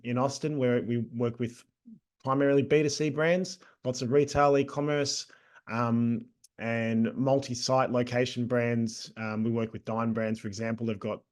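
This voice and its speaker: A middle-aged Australian man getting over a cold, a guest talking about his agency in a relaxed, chatty way with many ums. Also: medium pitch. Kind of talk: casual interview talk.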